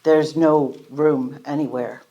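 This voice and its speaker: Low-voiced woman sharing her recovery story. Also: fairly even intonation, slow, dark tone, muffled recording. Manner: storytelling, acting out quoted conversations; candid, self-deprecating, laughs at herself. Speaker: speaker at a recovery meeting. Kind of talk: personal recovery testimony. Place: meeting room before a live audience.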